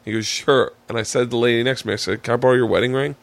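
A man's voice: mid-range voice, very fast, vocal fry, dry recording. A man hosting a podcast, telling stage stories in casual chat, swearing freely and acting out other people's voices. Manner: animated, profane, acts out voices in his stories. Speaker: podcast host and comedian.

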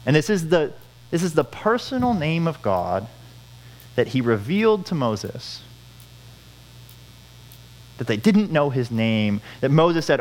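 A man's voice: a little high, very animated, measured pace, pauses often, rough recording. A man preaching a sermon, earnest, repeating key phrases for emphasis. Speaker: pastor.

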